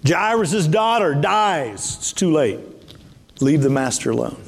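A man with a high voice delivers a sermon, swinging widely between low murmurs and soaring peaks. He hammers phrases through repetition, and his words ring out with a long reverb of a large hall. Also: sing-song, a little slow, gravelly. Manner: emphatic, repetitive preaching with sudden pitch jumps. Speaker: bishop preaching.

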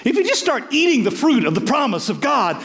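Man, pastor, sermon, high voice, storytelling with voiced asides, long hall reverb. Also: sing-song, a little fast, fairly bright tone.

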